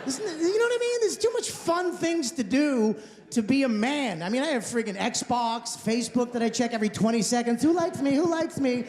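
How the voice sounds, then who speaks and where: A man in his thirties doing a stand-up set in a comedy club, ranting sarcastically and mocking people with quick impressions. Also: extremely high pitch, lively intonation, darkish tone. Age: 30s. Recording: live hall reverb, faint noise.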